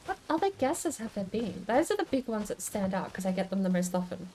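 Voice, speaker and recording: A woman's voice: mid-range voice, sing-song, brisk, a little mellow, a little hiss or hum. A woman streamer in casual chat, musing aloud and answering chat comments as she goes. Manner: chatty and musing, with many restarts.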